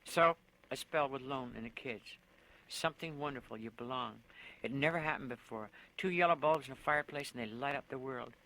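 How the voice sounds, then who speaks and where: Bright-voiced man reading his own story. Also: medium pitch, a little fast, rough recording. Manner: plain storytelling with a tough teenage narrator's slang.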